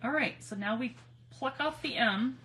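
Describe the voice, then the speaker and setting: A woman hosting a casual crafting livestream on her phone, chatty and giggly, nervously excited as she talks to viewers. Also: a little high, moderate pace, slight background noise. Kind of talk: casual live crafting chat.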